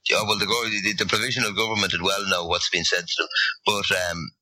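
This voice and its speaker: Rambling Irish man, bright dry voice. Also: lowish voice, level tone, fast, no room sound, rough recording. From Ireland. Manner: rambling storyteller with many fillers. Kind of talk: casual chat.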